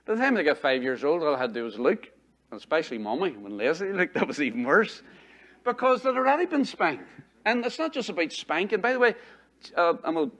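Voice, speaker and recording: A man's voice: fairly high pitch, very animated, a little fast, a bit bright. A middle-aged man, preaching a sermon as pastor in a conversational way, repeating phrases and asking the congregation rhetorical questions.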